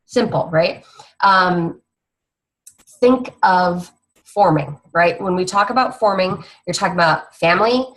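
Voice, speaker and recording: A woman's voice: on the low side, unhurried, a bit bright, poor audio. A young woman fitness coach giving a casual, rambling training talk to other coaches, teasing her co-host.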